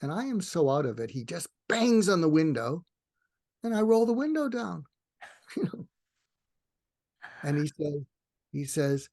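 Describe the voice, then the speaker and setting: A man's voice: sing-song, measured pace, pauses often, a little mellow, dry recording, studio quality. Older man telling stories with restarts. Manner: rambling with frequent restarts, acts out dialogue with rising pitch. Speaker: psychiatrist guest. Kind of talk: animated storytelling in a podcast interview.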